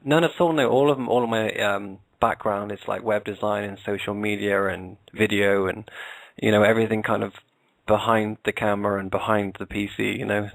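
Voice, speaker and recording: Gravelly British man, flat delivery. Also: on the low side, brisk, no echo, rough recording. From England. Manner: hesitant, many fillers and restarts. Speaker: guest, podcast co-host. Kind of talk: casual interview chat.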